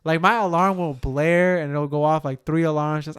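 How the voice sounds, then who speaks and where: A man's voice: on the high side, moderate pace, smooth. A young man co-hosting a podcast, telling a story in casual chat, swearing a lot and filling his talk with "like" and "bro.". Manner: animated, swearing, heavy use of "like" and "bro". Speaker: podcast co-host.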